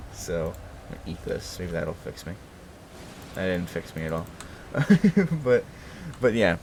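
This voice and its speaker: A deep-voiced man in his twenties from Brooklyn, New York hosts a channel, chatting casually in a rambling way with lots of swearing, laughter and self-corrections. Slight background noise can be heard.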